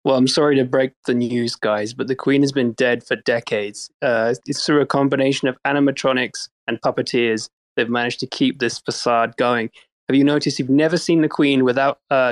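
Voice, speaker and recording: A man from England delivers a joke with a straight, mock-serious deadpan. His voice sits at an ordinary middle pitch, and he talks in an online audio chat.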